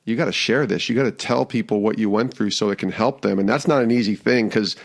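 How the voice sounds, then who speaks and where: A man hosting an interview, asking long, thoughtful questions gently and pausing to find his words. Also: lowish voice. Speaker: podcast host.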